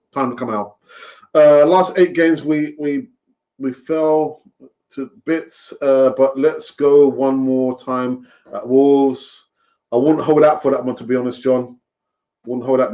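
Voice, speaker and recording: A man's voice: a little high, darkish tone. A man hosting a fan live stream, talking in a rambling, chatty way with fillers and laughs, over lo-fi stream audio. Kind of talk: casual live-stream chat.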